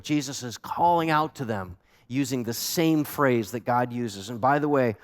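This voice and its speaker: A male pastor preaching a sermon, earnest and animated, repeating words for emphasis. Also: mid-range voice, long reverb tail. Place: church sanctuary.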